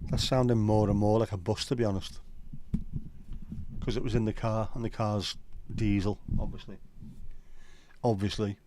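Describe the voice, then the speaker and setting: A middle-aged livestream host rambles through jokey, pub-style banter while reading out viewer comments from chat. His fairly low voice is dark and steady, moderately paced with frequent pauses, and a little hiss or hum runs underneath.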